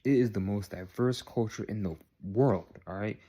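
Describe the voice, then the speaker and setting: Earnest young man, slightly low voice. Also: moderate pace, dark tone. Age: young adult. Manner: earnest, repeats points, tags lines with "all right?". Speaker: vlogger. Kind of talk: direct-to-camera monologue.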